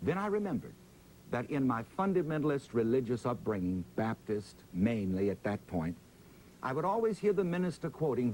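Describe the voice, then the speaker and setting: A man, interviewed as a preacher, tells his story with a dramatic, drawn-out pulpit cadence. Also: mid-range voice, big pitch swings, darkish tone, a little hiss or hum, poor audio.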